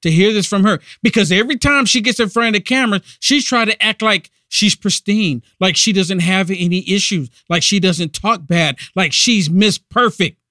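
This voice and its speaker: A man's voice: high voice, moderate pace, hardly any pauses, bright, forceful tone, no echo, studio quality. A man hosting a political podcast, giving indignant, emphatic commentary. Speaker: podcast host.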